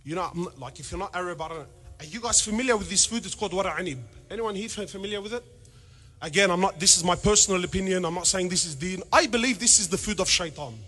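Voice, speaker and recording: A man giving a humorous religious talk to an audience, animated and full of rhetorical questions, with Arabic phrases mixed in. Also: sits high, fast, faint music behind. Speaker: panel speaker.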